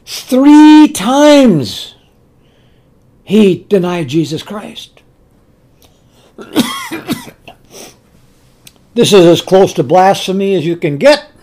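A man's voice: high voice, very animated, dark tone. Earnest preacher man retelling scripture. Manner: earnest storytelling, slow and emphatic, with repeated words. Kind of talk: sermon.

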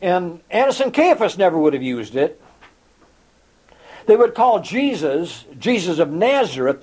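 A man preaching a sermon, reading scripture aloud and explaining it, with a slow, dramatic delivery that sometimes drops to a near whisper. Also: high voice, a little mellow, breathy edge, poor audio. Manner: reads quotations in old-fashioned scripture wording.

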